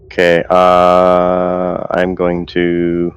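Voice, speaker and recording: A man with a very deep voice playing a sci-fi tabletop game. He talks very slowly and hesitantly, with fillers between his words while he picks his move. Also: monotone, clear, resonant tone, highs cut off. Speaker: player.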